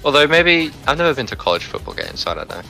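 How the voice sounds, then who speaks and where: A man, bantering quickly and jokingly during a gaming stream. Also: fairly high pitch, big pitch swings, gravelly, over music, rough recording. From born in England, raised in South Australia. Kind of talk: casual chat while gaming.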